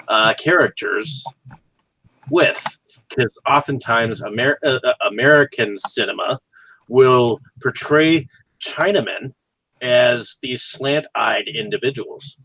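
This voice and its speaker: A man in a casual film chat, speaking haltingly with many fillers. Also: mid-range voice, bright, forceful tone, a little hiss or hum, poor audio.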